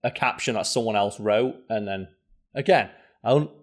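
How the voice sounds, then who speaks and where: A man co-hosting a podcast, chatting casually with quick asides and frank swearing. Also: on the low side. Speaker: podcast co-host. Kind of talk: casual chat.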